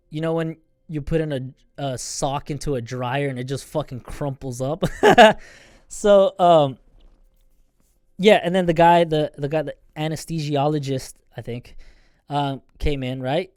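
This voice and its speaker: A man's voice: fairly high pitch, steady tone, measured pace, darkish tone, smooth, no echo, studio quality. A young man hosting a podcast, telling a personal story in a rambling, profane way and laughing often. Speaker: podcast host. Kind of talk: casual storytelling.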